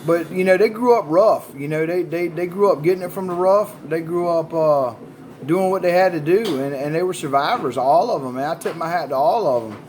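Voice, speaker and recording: A man's voice: on the high side, a little fast, a little mellow, slight background noise. A man, telling a story in a casual, profane, folksy way. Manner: folksy, profane, drawling with repeated "buddy" and "man".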